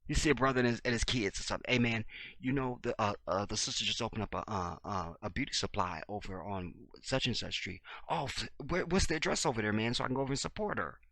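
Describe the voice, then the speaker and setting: A man, talking to his viewers in an animated monologue and acting out the voices of the people in his stories. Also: lowish voice, fast, dry recording. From Chicago, USA. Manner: animated storyteller, acts out dialogue, swings loud and soft. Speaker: video blogger. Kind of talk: casual monologue to camera.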